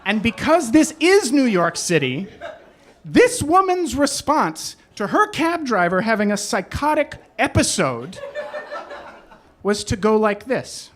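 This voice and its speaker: A man telling a personal story live on a club stage, animated and self-deprecating. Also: very high-pitched, takes it slowly, slight background noise. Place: club stage in New York.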